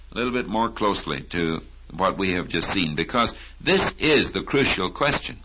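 A man preaching a sermon, teaching slowly from a Bible passage and rising to emphatic questions. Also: on the low side, sharp tone, low-quality recording.

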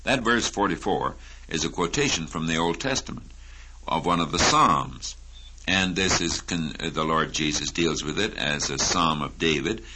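A man preaching a sermon, teaching slowly from a Bible passage and rising to emphatic questions. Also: rumbling low, expressive, noisy background.

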